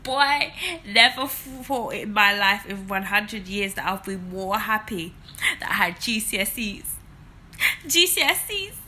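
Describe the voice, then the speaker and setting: A young woman vlogger telling a personal story in an animated, expressive way, laughing often. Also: medium pitch, a little slow. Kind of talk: storytime vlog.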